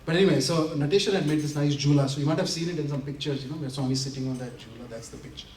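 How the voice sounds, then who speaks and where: Brief: man, speaker at a community center, animated storyteller who laughs through the punchlines; recorded from afar in an echoey hall. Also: on the high side, racing, slight background noise. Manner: animated, laughing often while acting out quotes. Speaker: invited speaker. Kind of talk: storytelling talk to an audience. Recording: roomy hall from a distance, faint ambience.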